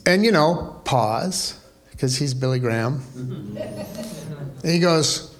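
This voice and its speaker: A man's voice: medium pitch, animated, measured pace, a crowd in the background. A man preaching a sermon as pastor, conversational and wry, full of rhetorical questions.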